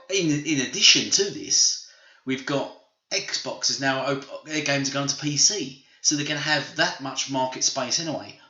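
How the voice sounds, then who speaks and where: A man's voice: mid-range voice, bright, forceful tone. A man hosting a gaming channel, ranting emphatically and repeating his points in opinionated commentary. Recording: roomy, slightly dull home recording.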